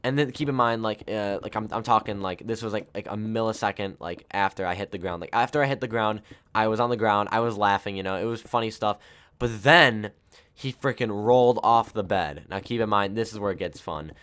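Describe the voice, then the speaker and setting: A man's voice: lowish voice, brisk, fairly bright tone, clear, resonant tone. A young man casually telling a personal story while playing a game, rambling with many fillers and self-corrections. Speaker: gaming YouTuber.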